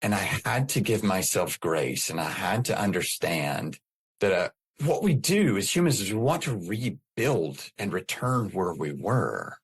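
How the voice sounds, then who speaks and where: Low husky-voiced middle-aged man. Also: very animated, a little slow. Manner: earnest, repeats and restarts phrases. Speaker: podcast guest. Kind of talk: emotional personal storytelling.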